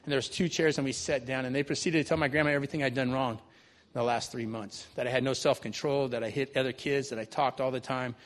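A man's voice: medium pitch, fairly even intonation, fast. A man telling a personal story to a live audience in a conversational way, often tagging on "right?". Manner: conversational, keeps adding "right?". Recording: long reverb of a large hall.

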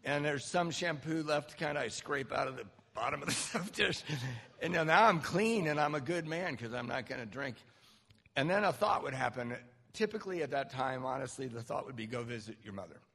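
A man sharing a candid, self-mocking recovery story to a group, with halting restarts. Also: fairly high pitch, lively intonation, fairly bright tone, slightly rough, big-room sound. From Southern California. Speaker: recovery speaker. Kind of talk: personal story talk.

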